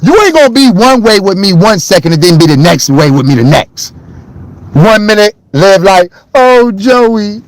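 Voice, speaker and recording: A man talks straight into his phone on a live stream, loud and worked up. His voice sits high for a man. He is blunt and swears freely as he vents to his chat. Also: expressive, normal speed, no echo, low-quality recording. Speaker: livestreamer. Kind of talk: livestream rant to chat.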